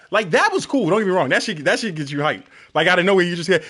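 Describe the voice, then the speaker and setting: A man with a high, bright voice that jumps all over its range, ranting casually on a game stream. He swears freely and breaks into loud shouted crowd noises while he tells a story, then drops back to lecturing his viewers. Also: a little fast, few pauses. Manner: profane, animated storytelling with shouted crowd imitations.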